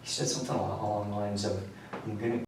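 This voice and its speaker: A teenage suspect recounts events during a police interview in an interrogation room, speaking quietly and haltingly with many fillers. His voice is lowish and flat. The echoey room, distant mic, and faint hiss shape the sound.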